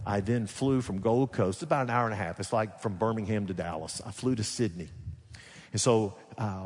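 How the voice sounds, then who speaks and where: A man with a Southern Alabama accent, a pastor preaching a sermon and telling a story in a casual way, swinging between loud and hushed. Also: fairly low pitch. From Alabama, USA. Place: large church sanctuary. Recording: long reverb of a big hall.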